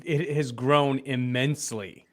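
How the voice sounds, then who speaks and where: A man's voice: medium pitch, steady tone, unhurried. A man co-hosting a casual livestream, chatting in a teasing way. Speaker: co-host asking questions.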